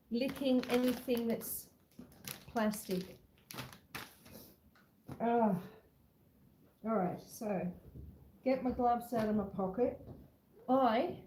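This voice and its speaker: Slow, mellow-voiced woman vlogging her homestead. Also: on the high side, slight background noise. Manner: chatty, talks to her viewers and coos at her pets. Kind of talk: casual walk-and-talk vlog. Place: outdoors in freezing fog, then indoors in a house.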